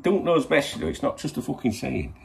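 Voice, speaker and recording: A man's voice: mid-range voice, animated, brisk. A middle-aged man, hosting a casual morning vlog to camera in a rambling, sweary, chatty way. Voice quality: gravelly. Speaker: football channel host.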